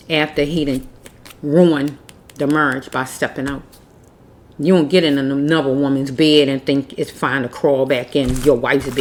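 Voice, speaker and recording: A woman's voice: a bass voice, darkish tone, slight background noise. A woman giving a casual tarot reading, blunt and preachy, repeating herself as she scolds. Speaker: tarot reader.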